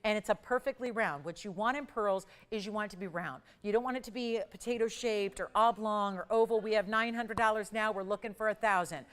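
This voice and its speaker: A woman hosting a live TV jewelry auction, calling out bids in brisk, upbeat sales patter. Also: medium pitch, a bit bright, in a large hall. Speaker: live shopping auction host.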